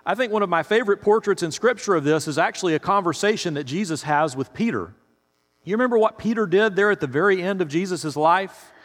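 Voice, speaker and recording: A man's voice: sits high, lively intonation, fast. A male pastor preaching a sermon in a conversational, storytelling way, speaking straight to his listeners. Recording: reverberant hall.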